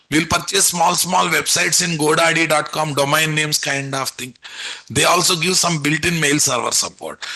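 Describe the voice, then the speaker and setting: A man lecturing a live online class, his voice very bright and forceful and pitched a little above the usual male range. He keeps firing rhetorical questions at his students and nudging them along with repeated check-ins. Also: gravelly, slightly rough, poor audio. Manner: repetitive, coaxing teacherly delivery. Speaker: programming instructor.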